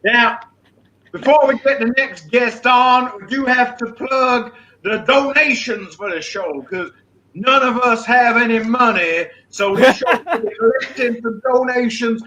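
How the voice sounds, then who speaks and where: A man's voice: extremely high pitch, measured pace, sharp tone, slight background noise, poor audio. A man co-hosting a comedy show over a video call, brash and swearing in mock-outraged banter. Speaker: guest host.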